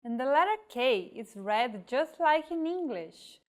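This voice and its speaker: Slow, careful female tutor. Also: high-pitched, lively intonation. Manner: slow, careful enunciation of example words. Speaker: language teacher. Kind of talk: pronunciation lesson.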